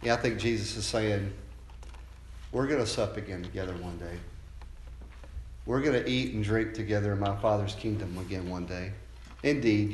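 A man preaching a sermon, moving from calm teaching to loud, fervent passages and acted-out quotes. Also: reverberant, slight background noise. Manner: builds from calm teaching to loud, high-pitched fervor.

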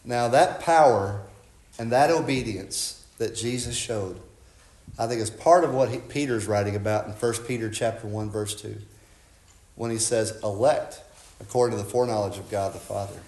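A man preaching a sermon, impassioned, swinging from loud cries to hushed tones. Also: lowish voice, normal speed, roomy sound.

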